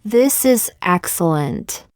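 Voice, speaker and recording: A woman reading short example sentences one by one for English learners, in a slow, deliberate, evenly paced way. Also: fairly low pitch, sing-song, darkish tone, no echo, studio quality. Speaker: English teacher.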